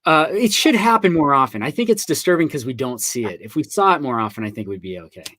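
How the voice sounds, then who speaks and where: A man's voice: mid-range voice, animated, fast, bright, forceful tone. Chatty man telling stories on a stream. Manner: chatty storyteller, acts out quoted voices. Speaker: author hosting a live online book signing. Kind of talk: casual video-call chat.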